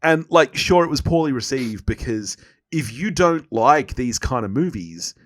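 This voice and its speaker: Lively dry-sounding male podcast co-host. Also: mid-range voice, unhurried, no room sound. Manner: laughs often, animated and swearing. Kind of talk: casual chat.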